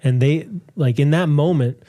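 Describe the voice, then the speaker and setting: A man's voice: on the high side, normal speed, mellow. A man co-hosting a church talk show who earnestly explains scripture in a casual discussion. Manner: earnest, quotes scripture, builds points steadily.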